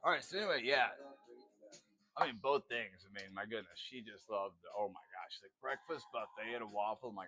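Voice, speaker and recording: In his casual cooking vlog, a home cook chats away as he prepares food, wandering off on asides and dropping plenty of fillers. His mid-range voice is brisk with lively intonation.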